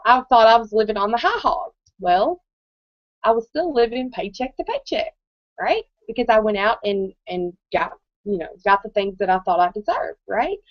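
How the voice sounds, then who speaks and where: Speaking in a slightly high voice, this thirtysomething woman shares her story at a live motivational event, chatting casually and often checking in with listeners. There's no room sound, and the audio is dry, dull and muffled.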